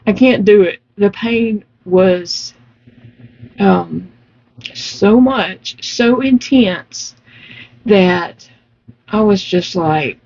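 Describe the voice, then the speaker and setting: Slow-talking woman, muffled sound. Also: mid-range voice, darkish tone. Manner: slow storytelling, emphatic, laughing often. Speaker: vlogger. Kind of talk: casual chat while crocheting.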